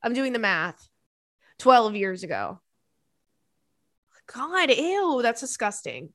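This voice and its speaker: A woman's voice: fairly high pitch, huge pitch swings, slow, fairly bright tone, dry recording, clean studio sound. A woman in her thirties hosting a podcast, reading listener emails in a casual chat full of laughing tangents and swearing.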